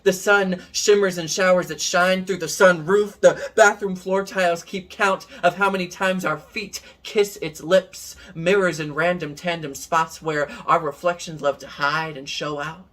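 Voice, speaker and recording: A man performing spoken word poetry in a measured, rhythmic way. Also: a little high, fairly bright tone. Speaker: guest poet.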